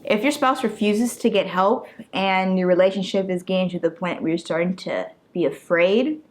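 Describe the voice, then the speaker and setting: A young woman with a mid-range voice chats casually and playfully. She is animated and teases her husband as they co-host. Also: mid-range voice, normal speed. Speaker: co-host, wife. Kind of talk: casual couple chat.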